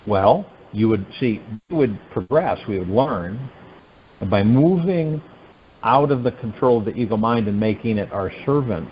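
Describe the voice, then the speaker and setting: A man hosting a meditation call, giving a spiritual teaching talk in an animated, musing way full of rhetorical questions. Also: fairly low pitch, normal speed, lo-fi sound, a little hiss or hum. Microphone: telephone conference line.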